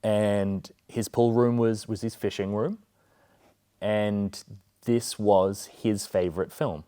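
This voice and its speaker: An Australian man with a low voice chats as a guest about a film. He tells stories in an earnest, rambling way and fills his pauses with ums and likes. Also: fairly even intonation, dark tone. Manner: earnest, chatty storyteller, many fillers. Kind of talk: casual film discussion.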